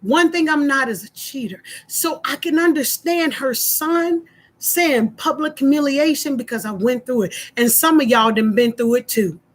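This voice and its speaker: Emphatic high-voiced woman telling a story. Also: normal speed. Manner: emphatic, repeats herself, acts out both sides of a phone call. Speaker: vlogger telling a personal story. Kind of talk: casual storytelling to viewers.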